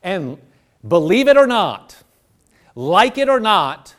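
High-pitched guy preaching a sermon, earnest, acts out little prayers as he goes. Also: sing-song, takes it slowly.

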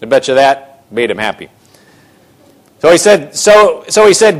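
A man preaching a sermon, retelling a scripture story in casual, animated voices. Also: fairly high pitch, measured pace.

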